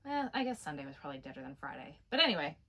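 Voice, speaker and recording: A woman's voice: low voice, sing-song, racing, sharp tone, husky. A woman hosting a crochet channel, chatting casually about craft fair customers and laughing often. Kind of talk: casual chat.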